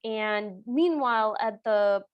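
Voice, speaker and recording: Bright, higher-voiced woman podcast co-host. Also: slow, smooth, no echo, lo-fi sound. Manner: chatty plot summary with frequent "like". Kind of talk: casual chat recapping a film.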